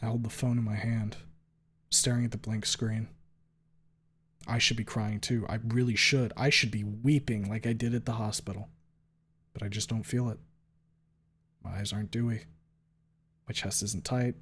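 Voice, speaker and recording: A man streaming a dramatic first-person story reading in a quiet, subdued voice. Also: fairly low pitch, little pitch movement, moderate pace, pauses often, slight background noise.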